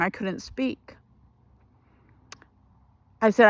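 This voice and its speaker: A woman giving an emotional personal testimony for a ministry, speaking haltingly and restarting her sentences. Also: medium pitch, no echo.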